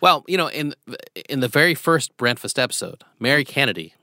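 A podcast host with a very bright, sharp voice trades deadpan quips with his guest. The sound is close and dry, with no room around it. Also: medium pitch, a little fast, no room sound. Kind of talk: casual podcast chat.

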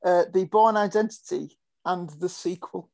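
A contestant on a casual quiz podcast, answering in a measured, slightly unsure way. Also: medium pitch, vocal fry, a little mellow.

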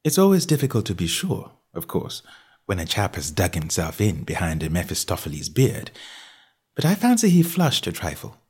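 A man reading a comic novel aloud in the first person. His delivery is jaunty and wry, and he swings his pitch widely. The voice has a husky edge. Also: wildly swooping pitch, moderate pace, a little mellow. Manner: jaunty, wry storytelling with varied character voices. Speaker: audiobook narrator.

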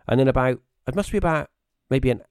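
This is a British guest on a live stream, casually telling wandering personal anecdotes full of restarts, his voice shooting up high to imitate the people he quotes. He's expressive and fast, with a slightly mellow, clean tone. The studio sound is clean, without echo.

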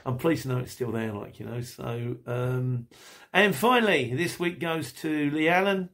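A man's voice: medium pitch, measured pace, a bit bright. Chatty middle-aged man rambling on. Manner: rambling, chatty, laughs often. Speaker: podcast host. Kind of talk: casual chat reading listener messages.

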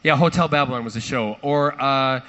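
A man telling a lively anecdote to a live audience, theatrical and acting out quoted voices. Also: medium pitch, fairly quick, dull audio. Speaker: actor at a fan panel.

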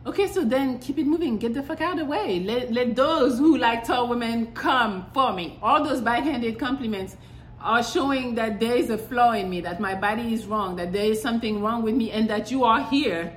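Young woman host, higher voice, blunt and swearing, echoey room with faint background hum. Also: animated, normal speed, fairly bright tone. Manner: blunt, profane, exasperated. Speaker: podcast host. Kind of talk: casual monologue.

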